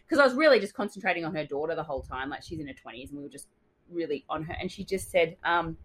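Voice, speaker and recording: A young adult woman co-hosting a casual podcast, telling a story with lively quoted dialogue. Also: on the low side, fast talker, rough recording. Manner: animated storytelling, acts out quotes. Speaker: dental hygienist podcast co-host. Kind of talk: casual chat.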